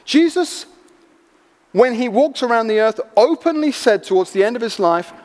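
A man preaching a sermon, telling stories with animated energy and acting out the people in them. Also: very high-pitched, normal speed. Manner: animated storytelling, acting out voices. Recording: long hall reverb.

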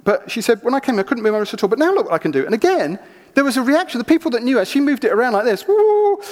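A man preaching a sermon, telling stories in an animated, chatty way with asides. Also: very high voice, rapid-fire. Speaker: pastor. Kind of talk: sermon with storytelling. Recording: reverberant church hall.

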